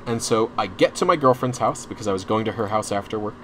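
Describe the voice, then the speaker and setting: Speaking fast in a fairly low, slightly bright voice with a bit of background noise, a young man streams a long personal story in casual chat. He rambles, restarts frequently, and wanders into asides, sounding openly anxious and frustrated.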